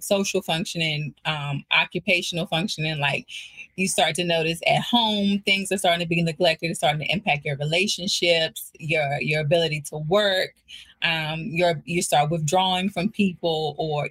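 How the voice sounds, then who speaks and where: A woman guest therapist and resilience coach, explaining in a calm way during an interview. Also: fairly low pitch. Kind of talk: conversational interview.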